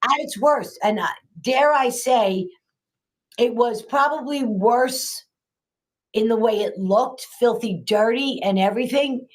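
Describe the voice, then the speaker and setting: A woman's voice: fairly high pitch, measured pace. Emphatic older New woman. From New York, USA. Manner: emphatic, repeats phrases for effect. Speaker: guest, local politician. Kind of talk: casual political chat.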